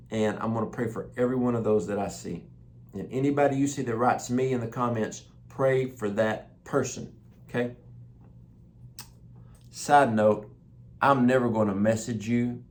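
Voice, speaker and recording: Exuberant preaching male host. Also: medium pitch. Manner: exuberant, emphatic, repeats phrases for emphasis. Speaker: host sharing prophetic words. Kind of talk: energetic preaching broadcast.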